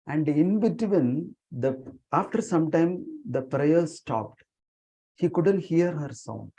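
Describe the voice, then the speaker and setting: Guy giving a sermon as a story, mellow voice, slightly high, quizzes the crowd. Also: expressive, takes it slowly, breathy edge, poor audio. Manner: earnest storyteller, voices dialogue softly, asks the audience questions. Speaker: preacher. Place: temple meeting room, online session.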